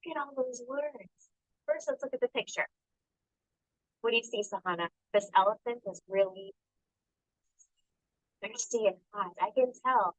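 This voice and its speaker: A woman teacher reading a picture book aloud to young children in a classroom, asking them questions by name and slowing down to sound out the words. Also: fairly high pitch, dry recording, rough recording. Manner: coaxing, calls on children by name and asks questions.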